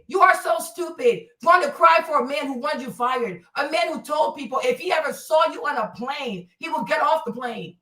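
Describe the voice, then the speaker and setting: A high, bright-voiced woman launches into a profane livestream rant, hammering the same insults over and over. She sounds set back from the mic in an echoey room. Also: recorded from a distance. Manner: profane, confrontational, repeats insults. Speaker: streamer reacting to a clip.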